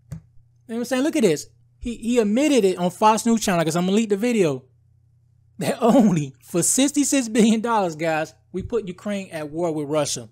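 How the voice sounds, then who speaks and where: Guy vlogging, high voice, fired-up rambling rant, lots of "bro". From United States. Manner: heated, rambling, says "bro" and "guys" often. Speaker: political commentary vlogger. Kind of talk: casual ranting commentary.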